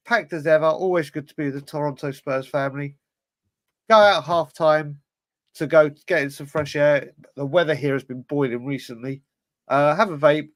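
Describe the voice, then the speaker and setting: A man's voice: on the high side, a bit bright, dry recording. Chatty male fan podcast host, dry sound. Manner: chatty, greets viewers one by one. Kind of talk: casual fan podcast chat.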